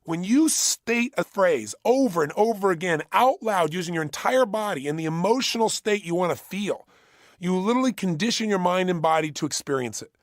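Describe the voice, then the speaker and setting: A man's voice: high voice, expressive, a little fast, no room sound, clean studio sound. A man giving a motivational workshop talk, emphatic and punchy, hammering home key phrases by repeating them. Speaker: motivational speaker.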